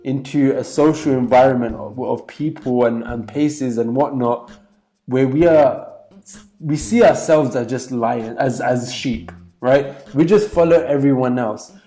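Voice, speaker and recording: A man's voice: medium pitch, unhurried, warm tone, faint music behind. A man giving an emphatic motivational talk as a business coach, repeating points with many fillers.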